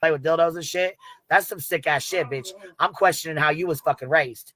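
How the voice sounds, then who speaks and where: Fast, bright-voiced angry male ranter. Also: on the high side, no echo. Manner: fast, profane, confrontational. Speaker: creator in a played clip. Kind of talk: angry rant.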